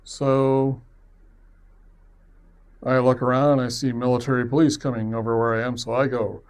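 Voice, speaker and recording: A man's voice: medium pitch, flat delivery, normal speed, clean tone. A man telling a personal story in a rambling, conversational way, self-deprecating and chuckling now and then. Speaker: web series producer.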